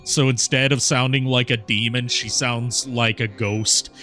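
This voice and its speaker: Chatty male streamer host, bright forceful tone, faint music underneath. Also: mid-range voice, steady tone, measured pace. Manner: chatty, rambling, laughs often. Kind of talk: casual chat while streaming a game.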